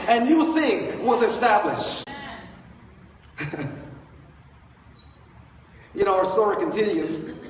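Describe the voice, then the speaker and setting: A high-voiced man preaches from a church stage, retelling a story with lively, joking asides. His voice carries from a distance through a big church hall with a long, echoing reverb. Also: slight background noise. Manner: animated, storytelling with playful asides. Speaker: pastor. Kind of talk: Easter sermon. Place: large church sanctuary.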